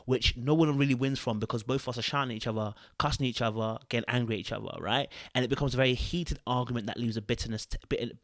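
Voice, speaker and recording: A man, hosting a podcast and reading out fan comments in a chatty, animated way that often repeats itself. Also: mid-range voice, dry recording, clean studio sound. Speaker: podcast host.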